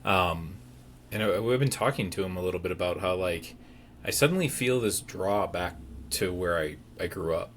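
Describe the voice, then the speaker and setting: A man from Wisconsin co-hosting a podcast, talking casually and haltingly, often restarting his sentences. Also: low-pitched, expressive, fairly bright tone, slight background noise. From Wisconsin, United States. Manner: halting, restarts and repeats words. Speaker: podcast co-host. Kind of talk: casual conversation.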